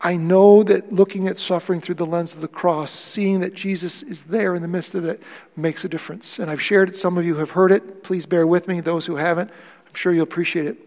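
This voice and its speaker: A man in his forties preaching a sermon in a large auditorium. He tells a personal story quietly, then builds to impassioned preaching. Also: high voice, steady tone, a little fast, long reverb tail. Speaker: pastor.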